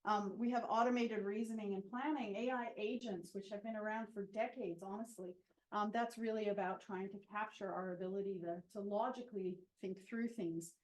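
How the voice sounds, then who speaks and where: A woman's voice: medium pitch, steady tone, brisk. A woman giving a conversational seminar talk without a microphone, thoughtful and full of ums and restarts. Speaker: seminar speaker. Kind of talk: conversational presentation. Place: seminar room. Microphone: no microphone, room pickup. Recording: roomy hall sound.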